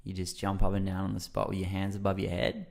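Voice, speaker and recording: A low-voiced man with a gravelly edge chats in a relaxed, conversational way as a podcast guest. He's loose and rambling, filling pauses often with many fillers, and acts out his own reactions while telling a story.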